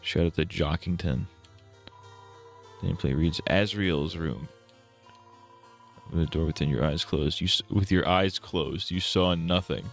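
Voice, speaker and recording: A man's voice: deep voice, fairly even intonation, moderate pace, vocal fry, soft background music. A male streamer casually reading game text aloud with irreverent, crude asides.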